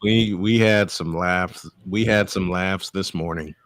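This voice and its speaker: A man's voice: low-pitched, a little slow, fairly bright tone, no echo. A man hosting a casual sports podcast, joking and laughing often. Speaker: podcast host. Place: home studio.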